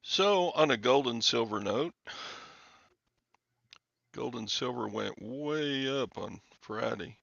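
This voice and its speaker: A man chatting casually in a laid-back, halting way on a dull lo-fi recording. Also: medium pitch, expressive, vocal fry, a bit bright, no echo. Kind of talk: casual chat.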